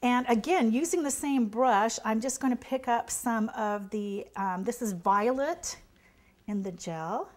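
A woman's voice: on the high side, a little slow, a little mellow. A middle-aged woman, a pastry chef, chatting through a cake painting demonstration in an encouraging way. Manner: chatty, encouraging, drops to a near whisper while working. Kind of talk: demonstration tutorial.

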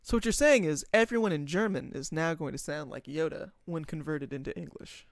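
Young male streamer, high gravelly voice, dry close mic, joking card-game commentary. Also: brisk, no room sound. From United States. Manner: chatty, joking, laughs often, answers chat. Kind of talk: casual live-stream gameplay commentary.

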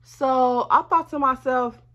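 A woman telling a storytime to her viewers in a lively, profane, chatty way, speaking straight to them. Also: high voice, slow pace, muffled recording. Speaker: vlogger. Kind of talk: casual storytime.

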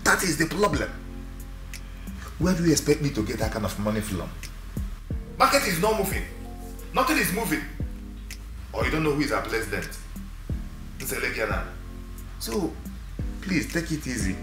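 An actor playing a suspicious, stingy older brother who runs a shop, speaking with a Nigerian accent in a fussy, scolding way. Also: male voice, medium pitch, sing-song, moderate pace, pauses often, echoey room, over music, lightly acted. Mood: defensive. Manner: fussy, scolding, repeats himself. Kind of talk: Nollywood film drama.

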